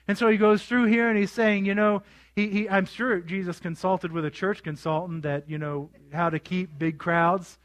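A high-pitched male pastor delivers his sermon, acting out the scenes he retells. He keeps asking his congregation questions as he goes. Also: a little fast. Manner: animated storytelling with quoted voices, asking the congregation.

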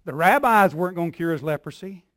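A man preaching a sermon as pastor, building in repeated phrases and swinging from soft, low lines to loud cries. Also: animated, fast talker, no echo. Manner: preaching with call-and-response rhythm, dropping soft then shouting.

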